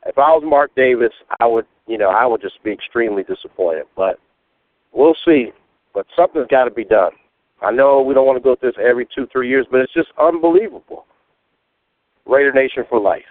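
Male fan caller, measured frustration, thin phone sound. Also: medium pitch, lively intonation, no echo. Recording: tinny phone line.

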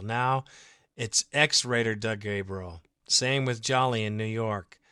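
A man hosting his own fan podcast, ranting with heated emotion and cursing as he answers listeners. His voice is bright and forceful, recorded close and dry with no room sound. He talks casually, in a steady middle pitch. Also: clear, resonant tone, dry recording. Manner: emotional, ranting, swears freely.

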